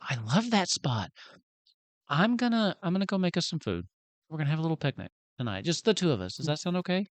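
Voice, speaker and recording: A man playing a flustered teenage boy, soft. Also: fairly high pitch, big pitch swings, no echo, voice pushed up. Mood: gentle. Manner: soft, halting, embarrassed. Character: grieving fourteen-year-old boy acting tough. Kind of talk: voicing a character in a tabletop game.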